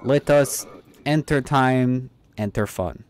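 A man's voice: medium pitch, expressive, a little slow, a little mellow, no room sound, studio quality. A man casually commenting on his game stream, joking, swearing and reading game text aloud in clipped bits. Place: home streaming setup.

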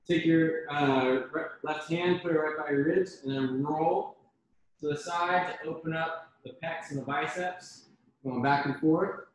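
A man leading an online workout class over a video call, giving brisk, encouraging cues and counting down reps. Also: fairly high pitch, fairly bright tone. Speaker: fitness instructor. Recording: very echoey room, faint noise.

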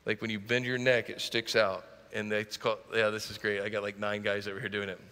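A man's voice: on the low side, level tone, fairly quick, pushed and bright, smooth, long reverb tail. A middle-aged man preaching a sermon as pastor, driving points home with rising emphasis and joking asides. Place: church sanctuary.

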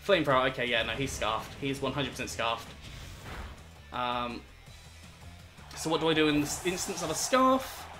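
A man's voice: medium pitch, lively intonation, moderate pace, pauses often, sharp tone, soft background music. A man commentating his own competitive game battle, thinking aloud and turning exasperated and self-critical at his mistakes. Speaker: gaming video host.

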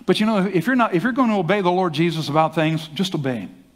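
An older man, a pastor, telling a story in a sermon with animated delivery and acted-out quotes. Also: high voice, quick pace. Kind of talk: sermon testimony. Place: church hall. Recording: long hall reverb.

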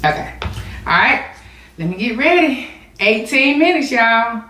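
A woman's voice: a little high, expressive, a little slow, pushed and bright, slight background noise. A woman, chatting casually to her viewers while setting up an eating challenge. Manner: chatty, addresses viewers as y'all. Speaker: mukbang vlogger. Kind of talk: casual chat to camera. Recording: echoey room.

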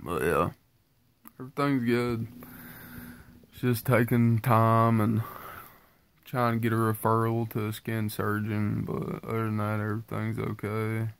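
Tired, gravelly, slow-talking man. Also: fairly even intonation. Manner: tired, low-key and rambling. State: congested and hoarse from sinus trouble; tired from just waking up. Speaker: vlogger giving a weight-loss update. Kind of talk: casual update to viewers.

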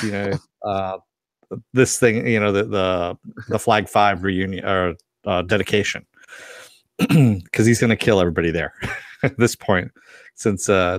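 A man with a fairly low voice, chatting casually about an episode and adding details in a relaxed, easygoing way. The recording is dry and close-miked. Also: dry recording. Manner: laid-back, adds details and corrections, short agreeing replies. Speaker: podcast co-host. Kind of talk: casual review chat.

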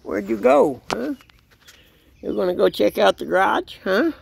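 Gravelly man cooing at his puppy. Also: high-pitched, big pitch swings, unhurried, slight background noise. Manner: playful baby talk to a dog. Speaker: dog owner filming his puppy. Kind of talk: casual vlog narration. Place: outdoors in a backyard.

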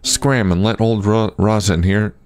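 Guy doing a grumpy miner lady, gruff and dismissive, higher than his low voice. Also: fairly even intonation, a little slow, lightly acted. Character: grumpy woman miner wearing ear protection.

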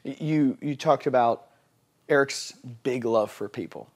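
A man interviewing a guest asks his questions and tells a story in an animated way, often repeating words as he gets going. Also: medium pitch, unhurried. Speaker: interviewer, camp ministry worker.

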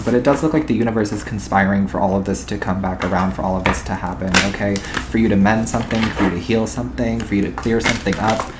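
A man's voice: lowish voice, background noise. A man doing a tarot reading to camera, rambling and intuitive, often checking in with "okay?" and "all right?". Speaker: tarot reader.

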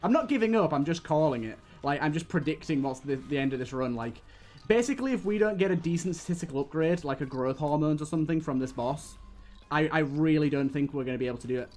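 Swearing British streamer, higher voice. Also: male voice, fast talker, darkish tone, faint music behind. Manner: swearing, exasperated running commentary. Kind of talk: live gameplay commentary.

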